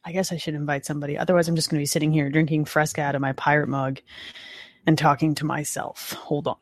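Fast, excitable woman podcast host. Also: low-pitched, no room sound. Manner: fast, excitable, laughs often. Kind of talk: casual live-stream chat.

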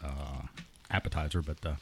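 Casting: very deep male voice, halting explanations, faint background hiss. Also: fairly even intonation, fairly bright tone. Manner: hesitant, many um and uh fillers. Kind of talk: casual chat.

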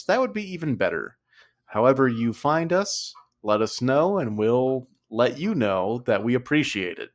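Wry, dry-humored male podcast co-host. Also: medium pitch. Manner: dry, wry delivery, often breaking into laughter. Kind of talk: casual comedy podcast banter.

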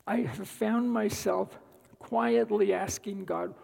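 Guy giving a church testimony, high-ish raspy voice, long echo like a big sanctuary. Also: fairly even intonation, takes it slowly, darkish tone. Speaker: guest church speaker. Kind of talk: sermon-style personal testimony.

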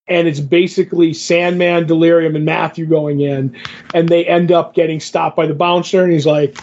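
Gravelly man recapping a comic casually. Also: a little high, steady tone, normal speed, a little mellow. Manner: rambling retelling, strings quotes with "he's like". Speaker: podcast co-host. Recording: slightly muffled lo-fi audio.

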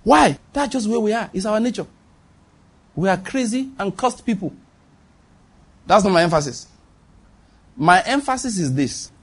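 A man with a Nigerian accent preaches a sermon in a husky, slightly raised voice. He drives his points home by repeating lines and calling out to the congregation for a response. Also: high voice, lively intonation, moderate pace, long pauses. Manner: emphatic, repeats lines for stress, calls on the congregation.

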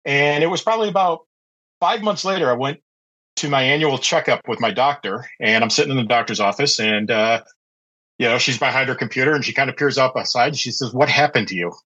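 A middle-aged man spins a loose personal anecdote as a podcast guest, full of "you know" and small restarts. His voice is husky with a firm, pushing edge. He speaks at an average pitch. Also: fairly quick, pushed and bright, dull audio. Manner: chatty, anecdotal, with many fillers and restarts. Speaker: podcast guest, pet care business owner. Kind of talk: casual storytelling interview.

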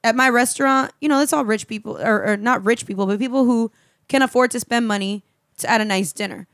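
A woman telling a work story on a podcast in a casual, profane, animated way, laughing often. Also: fairly high pitch, quick pace, no echo, studio quality. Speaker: show regular and guest co-host. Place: podcast studio.

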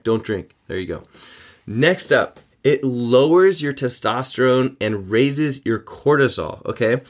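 A man hosting a fitness podcast, talking informally with joking asides and quick self-corrections. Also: mid-range voice. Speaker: podcast host. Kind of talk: casual fitness podcast monologue.

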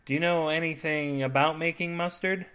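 A tired, patient wife who answers calmly and dryly, as a man reading the story puts her on. Her lines come soft and a bit slow. It is an audio fiction reading with a deadpan comic tone. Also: fairly high pitch, smooth, voice pushed up, close to an everyday voice. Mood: weary.

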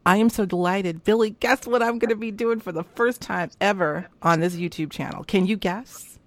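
A woman's voice: medium pitch, normal speed, dry recording. A woman hosting a casual chat show, effusive and emotional as she thanks her guest and supporters. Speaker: host.

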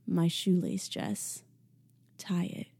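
A woman voicing a smug, dominant young man who speaks slowly and tauntingly. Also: very animated, creaky, dark tone, slightly rough, full character voice. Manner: slow, low, taunting.

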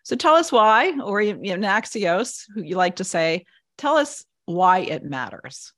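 A woman's voice: mid-range voice, very animated, measured pace, fairly bright tone. A woman hosting a video-call interview, who acknowledges briefly and reads a quote before asking her question. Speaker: host, institute president.

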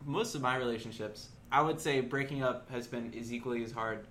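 A man's voice: mid-range voice, a little fast, fairly bright tone, slight background noise. A man in casual chat who tells stories in a rambling, hesitant way with many ums.

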